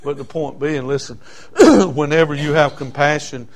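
A middle-aged man with a drawl preaches in a plain, folksy way. His voice sits a little high for a man, and he leans on "uh, uh" fillers between thoughts. He rises to loud emphasis on the points he wants to drive home. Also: unhurried. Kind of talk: sermon with personal stories.

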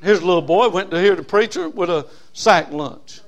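Folksy preacher, high voice. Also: male voice, lively intonation, normal speed, highs cut off. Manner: folksy preaching, swings from loud emphasis to low asides. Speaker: pastor. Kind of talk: sermon.

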